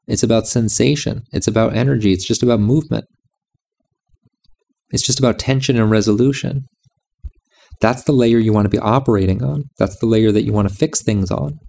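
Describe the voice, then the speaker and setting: A man's voice: lowish voice, a little fast, gravelly, warm tone. A man giving a reflective monologue about music and meditation, insistent and repeating his phrases.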